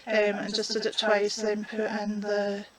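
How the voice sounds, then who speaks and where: A woman's voice: medium pitch, monotone, a loud crowd, poor audio. A woman, chatting casually while demonstrating a colouring craft. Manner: chatty, unhurried, talks while working.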